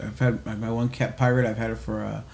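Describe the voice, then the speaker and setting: A man's voice: fairly low pitch, flat delivery, a little fast, vocal fry, a little mellow, reverberant, slight background noise. A middle-aged man co-hosting a podcast, telling a long rambling story in casual chat with lots of restarts and swearing. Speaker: podcast co-host.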